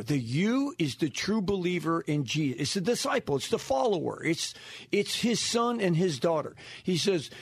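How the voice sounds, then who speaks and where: Animated husky man quoting scripture. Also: sits high, no room sound. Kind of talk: casual radio interview.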